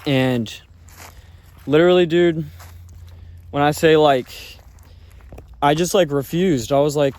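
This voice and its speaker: A man's voice: on the high side, fairly even intonation, moderate pace, darkish tone. A man telling a personal story in a casual, rambling way, full of fillers and swearing. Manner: rambling, filler-heavy talk with frequent swearing.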